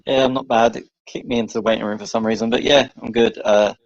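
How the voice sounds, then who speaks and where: Gravelly British man on a dull call line. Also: medium pitch, steady tone, fast talker, dry recording. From United Kingdom. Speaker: podcast co-host. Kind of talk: casual football podcast chat.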